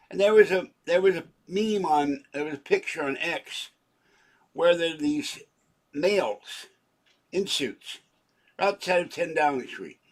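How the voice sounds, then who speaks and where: Rambling, jokey older man. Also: fairly high pitch. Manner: rambling, jokey, self-interrupting. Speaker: channel owner. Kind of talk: rambling home vlog monologue.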